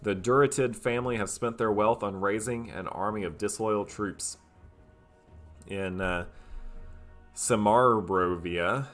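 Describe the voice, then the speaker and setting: A man with a lowish, slightly bright voice commentates a strategy game in character, unhurried and with long pauses. He mulls things over and boasts playfully, often filling gaps hesitantly, as faint music plays.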